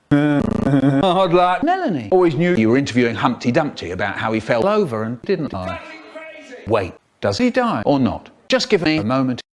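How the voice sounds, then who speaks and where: An older man telling comic stories in an expressive, playful way, cut up and remixed. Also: medium pitch, brisk. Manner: animated, expressive, playful voices.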